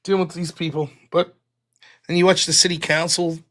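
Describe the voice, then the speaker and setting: A man's voice: on the high side, little pitch movement, fairly quick, a bit bright. A man hosting a live stream, ranting casually with plenty of profanity.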